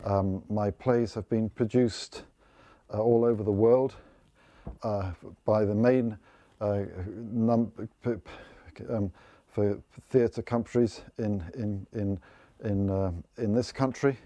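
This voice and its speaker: A man in his fifties, a playwright, giving personal testimony in halting speech, stumbling and searching for his words. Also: lowish voice, fairly even intonation, mellow, no room sound. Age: 50s.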